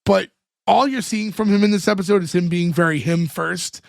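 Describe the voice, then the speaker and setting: Podcast co-host, male, high gravelly voice, dry close sound, retells scenes with quoted lines. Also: steady tone, normal speed, no echo. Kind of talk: casual chat, recapping an episode.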